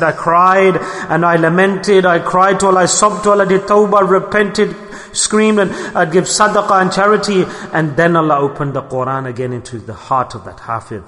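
A man delivers a sermon in an earnest, emphatic voice, telling stories and pressing his listeners with rhetorical questions. His voice sits high for a man. The sound carries a long reverb, as if recorded in a large hall. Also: fairly bright tone. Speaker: preacher.

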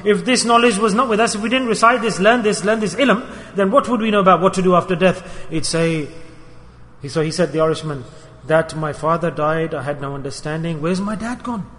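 High-voiced male preacher in a reverberant hall. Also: a little fast. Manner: lively storyteller addressing brothers, acting out quotes. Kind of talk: sermon with storytelling.

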